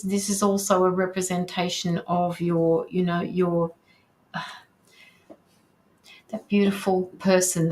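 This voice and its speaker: In a lowish voice with a somewhat dark tone, a tarot reader hosts a live session, voicing viewer comments and reassuring her sitter while frequently hesitating with ums and restarts.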